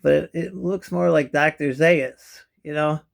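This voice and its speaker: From a kitchen chair, a middle-aged vlogger with missing teeth rambles to the camera in front of him in a chatty home vlog, drifting into asides and often trailing off into a mumble. His voice is fairly high and creaky, with fairly even intonation and a measured pace.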